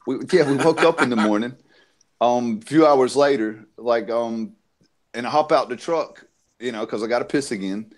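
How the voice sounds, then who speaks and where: Aussie bloke on a podcast panel, telling a messy drinking story, swears a lot and laughs through it, mid-pitched voice. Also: male voice, moderate pace. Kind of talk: casual storytelling.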